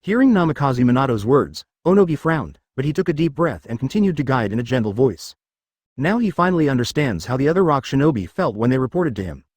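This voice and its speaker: Fast, lively male story narrator. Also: medium pitch, dry recording.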